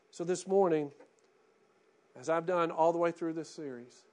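High-voiced pastor guy preaching, goes quiet then gets loud and fired up. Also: unhurried. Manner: impassioned, swings from hushed to loud. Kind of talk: sermon.

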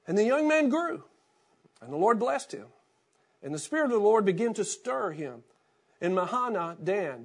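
A middle-aged man, a pastor, reading scripture aloud and then preaching in a relaxed, storytelling way. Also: sits high.

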